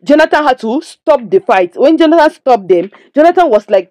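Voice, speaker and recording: A woman's voice: sits high, sing-song, a little fast, few pauses, a little mellow, no room sound. A young Nigerian woman casually recapping a drama episode, chatting to her listeners and breaking off to lecture them. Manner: chatty, preachy asides, addresses listeners as "my people". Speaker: movie reviewer.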